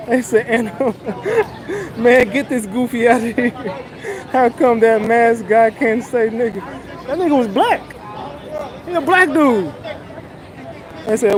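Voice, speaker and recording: Guy going live on the street w his phone, real high voice, joking around reading chat, some crowd noise. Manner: loose, joking, reads chat aloud. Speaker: street livestream reporter. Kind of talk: casual livestream commentary. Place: outdoors on a busy city street.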